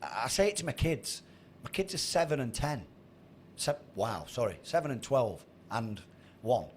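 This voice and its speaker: A man's voice: mid-range voice, big pitch swings, moderate pace, slight background noise. A man in his thirties giving a blunt, sweary motivational talk to a trading group on a video call. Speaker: trading mentor.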